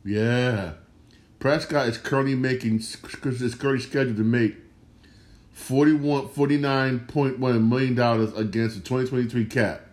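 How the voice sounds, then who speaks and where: A man's voice: medium pitch, fairly even intonation, moderate pace, darkish tone. A man hosting a solo sports talk show, speaking casually with slang and repeating his points for emphasis. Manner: repetitive, emphatic, slangy, restarts phrases. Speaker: sports podcast host.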